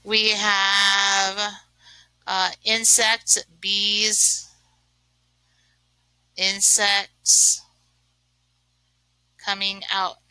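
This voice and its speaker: A woman's voice: medium pitch, little pitch movement, drawn-out words, long pauses, sharp tone, clear, resonant tone, no echo, rough recording. A woman teaching a remote lesson, chatting and thinking aloud as she writes, with many fillers. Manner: chatty, uses lots of fillers. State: sneezing from allergies.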